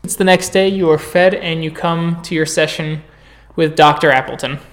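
A man's voice: a little high, fairly even intonation, normal speed. A man narrating as game master in a tabletop game, brief and matter-of-fact.

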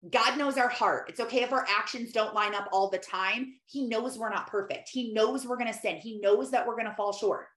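A woman's voice: a little high, moderate pace, hardly any pauses, fairly bright tone. A woman, likely in her thirties, speaking earnestly and directly to mothers in a faith-based conversational talk. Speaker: host. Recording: echoey room.

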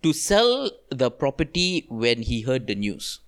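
A man's voice: medium pitch, very animated, unhurried. A man with a Malaysian English accent, co-hosting a podcast and retelling a story in loose casual chat with local slang. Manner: loose, easily laughing, drops in local slang. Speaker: podcast co-host.

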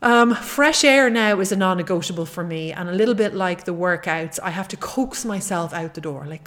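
A woman's voice: fairly low pitch, moderate pace, hardly any pauses, a bit bright. A middle-aged woman hosting a solo podcast as a fitness coach, talking in an earnest, encouraging way and often repeating her key points.

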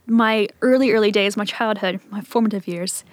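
A woman's voice: mid-range voice, steady tone, moderate pace, dry recording. A woman from Virginia with a Southern accent mixed with West Coast and Midwest traces, telling stories in a chatty, laughing way as a podcast guest. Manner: chatty, laughs often, frequent "like" fillers. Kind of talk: casual storytelling chat.

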